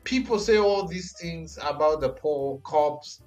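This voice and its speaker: Animated male storyteller, slightly high voice. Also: measured pace, soft background music, rough recording. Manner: animated storytelling, repeats phrases. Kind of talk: casual chat.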